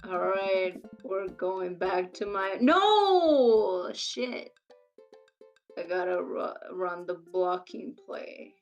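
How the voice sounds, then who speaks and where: Young woman streamer, wry and giggly, low-ish, slow; faint music. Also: completely flat delivery, distant mic, dull audio. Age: young adult. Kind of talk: casual chat, reading a game aloud.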